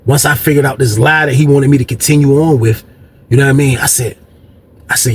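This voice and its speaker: A man spinning a casual personal story for his viewers, slangy and animated, turning to them with "y'all". His voice sits at an ordinary pitch, with faint noise in the background. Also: fast talker.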